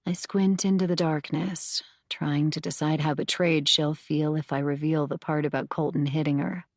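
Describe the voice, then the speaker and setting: A woman narrating a first-person thriller audiobook in a measured, intimate way, close to the mic. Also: low voice, steady tone, dry recording.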